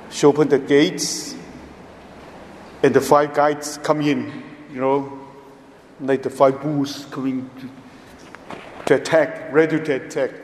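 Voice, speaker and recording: A man preaching a homily at Mass in a slow, emphatic way, with frequent pauses and simple, non-native phrasing. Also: fairly high pitch, darkish tone, a little hiss or hum. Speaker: priest. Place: large church. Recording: echoey church with long reverb.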